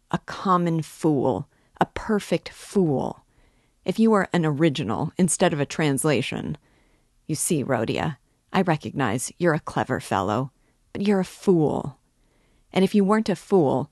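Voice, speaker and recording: A woman reading aloud, voicing a hot-tempered young man who scolds and blusters at his friend in raised, rapid outbursts. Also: low-pitched, darkish tone, no echo, clean studio sound.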